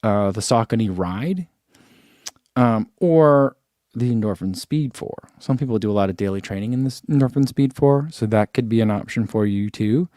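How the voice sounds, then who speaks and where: A man's voice: lowish voice, moderate pace, mellow, dry recording, clean studio sound. A man who reviews running shoes, chatting casually through an unboxing and thinking aloud with lots of fillers.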